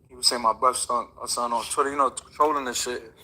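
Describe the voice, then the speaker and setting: A man's voice: mid-range voice, steady tone, fast talker, bright, forceful tone, slightly rough, poor audio. A man, a boxer, telling a story in a casual, slangy, rambling way with many fillers. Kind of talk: casual interview chat.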